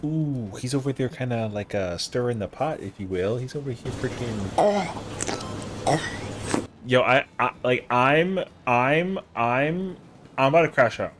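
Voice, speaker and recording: A male game streamer who talks to his chat in a loose, rambling flow full of slang. His pitch swings all over the place, and a faint hiss sits under his voice. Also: expressive, a little slow. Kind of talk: casual live-stream chatter.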